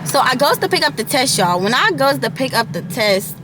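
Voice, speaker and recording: A young woman of eighteen tells a long storytime to her viewers in a slightly high voice. She talks casually and rambles, filling her speech with "like" and "y'all". Her camera mic picks up faint background noise. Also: very animated, fairly quick. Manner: chatty, rambling, many "like" and "y'all" asides. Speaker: vlogger.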